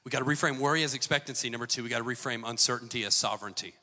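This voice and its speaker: A man in his forties preaching a sermon as pastor, impassioned and building to near shouts. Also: medium pitch, rapid-fire, long reverb tail. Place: church auditorium.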